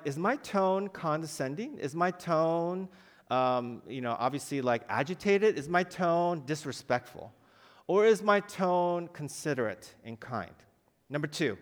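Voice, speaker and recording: A man's voice: on the high side, a bit bright, long reverb tail. A middle-aged man, head of a school, giving a conversational chapel message to students and often asking them questions. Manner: conversational, asks the audience questions.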